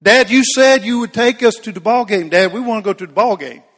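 A man's voice: high voice, fairly quick, fairly bright tone, pitched above the performer's own voice. An insistent teenager pleads again and again, a little whiny, put on by a man in a sermon. The voice rings with a long church echo. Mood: pleading. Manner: whiny, repeating himself.

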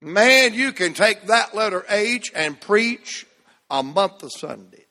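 A man preaching a sermon, leading the congregation in call-and-response with drawn-out emphatic phrases. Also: high voice, bright, forceful tone, in a large hall. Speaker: pastor.

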